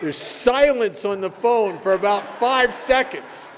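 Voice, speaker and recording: A man speaking at a recovery meeting, telling stories in an animated way and laughing at his own tales. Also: sits high, takes it slowly. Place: meeting hall. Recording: echoey hall recording.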